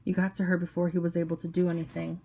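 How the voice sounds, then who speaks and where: A woman reading the lines of a large, gruff male police officer in a low, matter-of-fact voice. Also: completely flat delivery, fast talker, dark tone, slight background noise.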